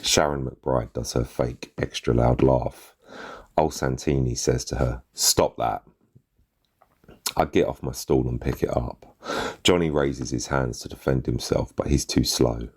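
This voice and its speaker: A man's voice: very deep voice, fairly even intonation, a little slow, a little mellow, husky. A man reading a gritty first-person short story aloud in street slang, with a bitter edge. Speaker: narrator.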